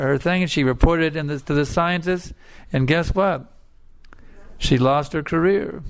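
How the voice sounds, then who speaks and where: A man's voice: on the high side, vocal fry. A man preaching a scripture lecture in a storytelling manner, repeating his points with emphasis.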